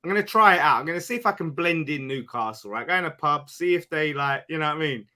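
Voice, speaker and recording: A jokey man talking as a guest on a casual football podcast. His voice sits high and bright, and his pitch moves around a lot. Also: animated, fast talker. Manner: playful, jokey.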